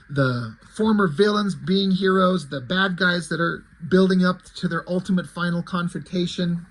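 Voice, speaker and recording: A man's voice: sits high, low-quality recording. A man casually walking through the pages of his own fan comic, retelling it in a loose, rambling way with many self-corrections.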